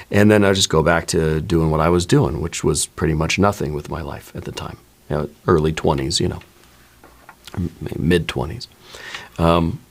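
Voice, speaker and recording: A man giving a relaxed spoken tarot reading, reflective and conversational, often adding "you know" and "right.". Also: sits low, creaky. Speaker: tarot reader.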